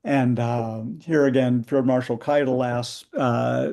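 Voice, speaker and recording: A man, an author, narrating history over slides on a video call, with many pauses and fillers. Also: medium pitch, steady tone, creaky, a little mellow. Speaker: book author. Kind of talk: book talk presenting slides.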